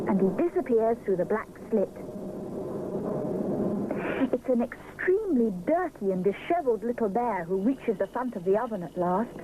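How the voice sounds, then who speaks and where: A woman narrating a children's storybook show in a gentle, expressive way. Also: on the high side, moderate pace, narrow, tinny audio. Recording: hissy 1970s TV soundtrack.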